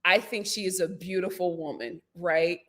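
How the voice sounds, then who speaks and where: A young woman hosting a casual reality-TV recap, animated and laughing often as she acts out what people said. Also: fairly low pitch, normal speed. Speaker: YouTube host reviewing a reality show.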